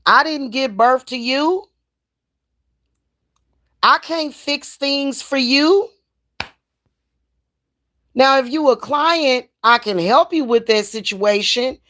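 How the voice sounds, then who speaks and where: A woman's voice: high voice, slow pace, pauses often, fairly bright tone. Blunt, cursing woman ranting to her viewers. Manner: blunt, profane, heated. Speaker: spiritual reader and vlogger. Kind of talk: casual ranting vlog.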